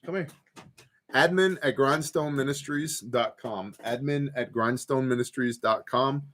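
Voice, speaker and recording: A man's voice: medium pitch, normal speed, fairly bright tone. A man hosting a casual livestream from his home porch, reading viewer comments aloud and telling rambling stories with lots of fillers. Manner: laid-back, rambling storyteller with fillers. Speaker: host of a prepper livestream.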